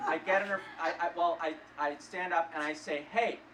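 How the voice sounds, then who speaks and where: A young man with a fairly high, steady voice performs stand-up on a comedy club stage, talking a little fast as he tells awkward, self-deprecating stories to a live audience. The recording is roomy and distant, with heavy crowd noise.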